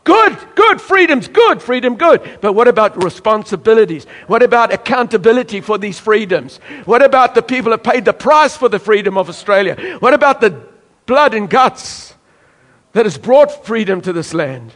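A man's voice: sits high, lively intonation, moderate pace, fairly bright tone. A man from South Africa preaching a sermon emphatically, now and then acting out voices from the congregation. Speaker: pastor.

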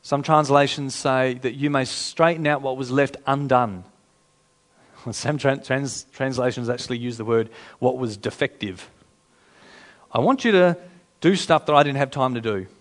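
A pastor preaching a sermon in a conversational, emphatic way, repeating phrases for effect. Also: male voice, medium pitch.

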